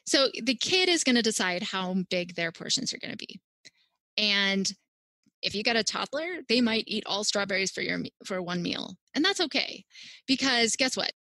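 A woman's voice: medium pitch, lively intonation, moderate pace, sharp tone, no room sound. A woman dietitian, a podcast guest, giving upbeat parenting advice in casual chat with frequent "like".

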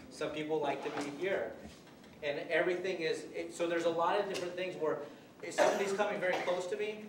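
A man's voice: fairly high pitch, a little hiss or hum. A male police officer giving an informal workshop lecture, rambling and conversational with many restarts and acted-out examples. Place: college classroom. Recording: echoey room, mic far off.

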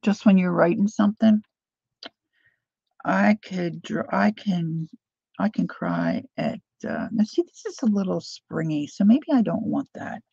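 A middle-aged woman hosting a crafting livestream, chatting warmly to viewers while she works. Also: on the low side, sing-song, unhurried, gravelly, breathy edge, no room sound, lo-fi sound.

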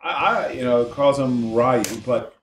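A man's voice: mid-range voice, measured pace. A man from California co-hosting a casual gaming stream, rambling and swearing as he talks. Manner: rambling, animated, swears a lot. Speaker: streamer co-host. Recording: echoey room, mic at a distance, music behind.

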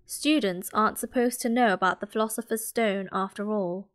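A woman with a British accent voicing a cold, menacing male teacher in a soft whispered role-play, slow and icy. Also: high voice. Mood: icy, threatening. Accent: British English.

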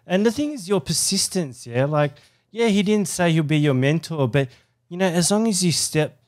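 A man hosting a podcast interview, giving short encouraging replies and rephrasing his thoughts haltingly. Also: a little high, lively intonation, darkish tone. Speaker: podcast host.

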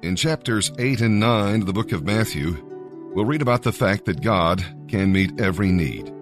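A man reading scripture aloud in a measured, earnest way, with short devotional comments between passages. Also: lowish voice, animated. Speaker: Bible reader. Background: faint music.

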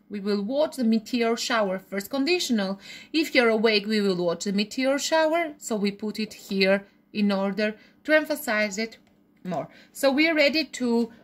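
A woman's voice: a little high, fairly bright tone. A woman teaching a grammar lesson, explaining step by step and often correcting herself mid-sentence. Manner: explains step by step, checking with "okay?"; frequent restarts and self-corrections. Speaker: English teacher.

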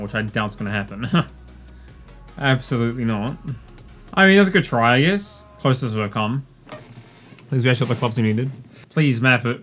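A young man giving casual gameplay commentary, sarcastic and exasperated, breaking into excited yelps. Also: medium pitch. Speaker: gaming YouTuber.

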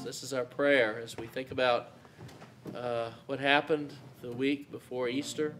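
A man with an Appalachian accent, a pastor reading King James scripture aloud at a church service in a slow, measured way. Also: mid-range voice, little pitch movement, over music.

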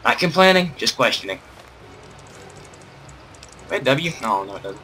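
Young man, goofy sarcastic let's play banter, lively bright voice, faint hiss behind. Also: medium pitch, unhurried, faint music behind. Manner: goofy and sarcastic, rambling, jokes at the screen. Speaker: gamer doing a let's play. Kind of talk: playful game commentary.

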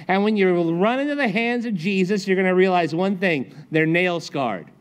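Animated casual man preaching a sermon. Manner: lively, acts out quotes with shifting pitch, chatty asides. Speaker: pastor. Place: church sanctuary.

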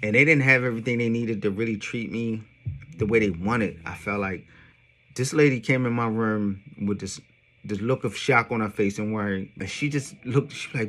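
Bright-voiced man telling a story in slang. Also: fairly low pitch, normal speed, faint music behind. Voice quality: streetwise slang with frequent "yo" and profanity. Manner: animated, emphatic retelling. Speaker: songwriter vlogger. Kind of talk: casual storytelling monologue.

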